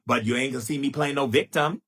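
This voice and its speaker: A man giving a live spiritual talk, playful and theatrical, with sudden jumps in pitch and drawn-out chanted phrases. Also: a bit bright. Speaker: spiritual teacher.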